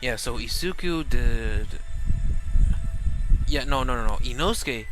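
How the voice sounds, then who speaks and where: A man's voice: mid-range voice, animated, a little slow, over music, low-quality recording. A young man casually telling an anime fan story, rambling and correcting himself with laughing asides.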